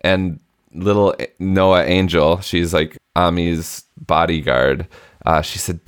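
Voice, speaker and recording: Very deep-voiced man, dry close sound. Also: fairly even intonation, slow, clear, resonant tone, no echo. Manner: earnest, self-deprecating storytelling with restarts. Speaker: podcast co-host. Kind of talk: casual chat.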